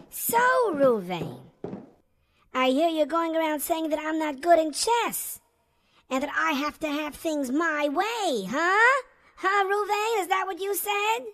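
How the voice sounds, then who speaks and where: A woman's voice: extremely high pitch, fairly bright tone, exaggerated voice. A woman voicing a stubborn young schoolboy in a children's drama, pressing his questions insistently.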